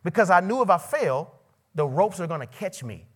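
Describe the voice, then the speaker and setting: A man preaching a sermon to a college ministry gathering, asking the crowd questions and swinging between loud rises and quiet drops. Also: high-pitched, sing-song, moderate pace. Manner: asks the audience questions. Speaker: pastor. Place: college ministry meeting hall.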